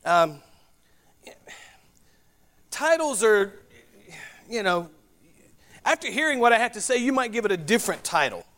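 A man's voice: high-pitched, sing-song, a little slow, long pauses, sharp tone. A man with a Southern US accent from North Carolina, preaching a sermon in a folksy, chatty way, with asides and spelled-out words. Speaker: pastor.

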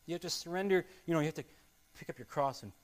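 A man preaching a sermon as a pastor, earnest and repetitive, swinging between loud emphasis and quiet asides. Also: a little high, racing. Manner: earnest, repetitive, rising and falling loudness.

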